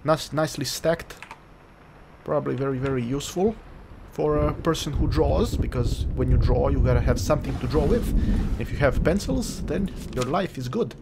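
A man's voice: medium pitch, normal speed, vocal fry, noisy background. A man giving casual, jokey commentary while playing a horror game, rambling and talking back at the game. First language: Croatian. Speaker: let's play gamer. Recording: game music behind.

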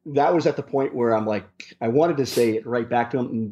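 The speaker, a man who drives rideshare, has a mellow, medium-pitched voice and talks a little fast. He rambles through interview stories with frequent restarts and fillers, and the recording is dull and low-fidelity.

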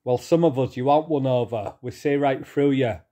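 A middle-aged man ranting angrily to his viewers, swearing, repeating himself and pausing to calm down. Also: mid-range voice. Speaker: vlogger. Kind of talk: angry rant to camera.

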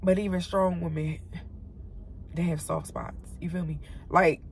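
A woman talking to camera in her parked car, tearful and heartfelt, swinging between loud exclaiming and soft, near-whispered words. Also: fairly low pitch, fairly even intonation, measured pace, slight background noise. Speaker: vlogger. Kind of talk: emotional faith vlog, talking to camera.

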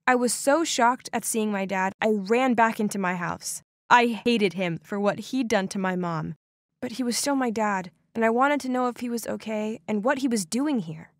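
A young woman narrates a first-person animated story with expressive, dramatic delivery. Her voice is fairly high. The recording is dry and close, with no room sound. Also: dry recording.

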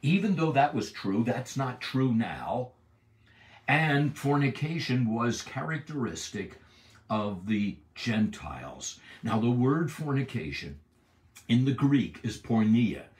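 A man giving a Bible lesson in a deliberate, emphatic way, asking his listeners rhetorical questions. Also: mid-range voice, sing-song, reverberant, distant mic. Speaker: Bible teacher. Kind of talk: Bible teaching.

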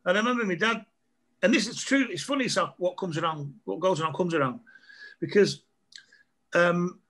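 A man's voice: sits high, a little fast, fairly bright tone. Laughing middle-aged man telling rambling stories. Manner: laughing often, rambling anecdotes with asides. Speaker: comedian guest. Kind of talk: casual storytelling chat over a video call. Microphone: video call.

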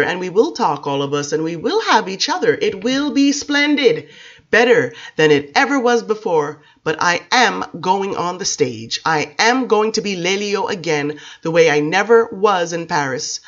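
A woman's voice: fairly low pitch, very animated, normal speed, muffled recording. A woman voicing a passionate, defiant male vampire rock star who makes grand, theatrical declarations.

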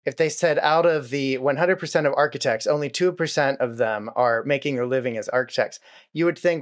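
A man's voice: medium pitch, fairly quick. A man hosting an interview, asking questions in an encouraging way. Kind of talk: interview conversation.

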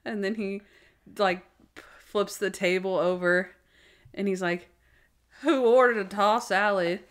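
A woman co-hosting a laid-back podcast with a mid-range voice. She recounts a favorite episode beat by beat, piling on "like" and laughing as she goes. Her delivery is excited, chatty and fan-like. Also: mid-range voice. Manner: excited scene-by-scene retelling, lots of "like"; breaks into laughter while recounting. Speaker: podcast co-host. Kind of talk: casual podcast chat.

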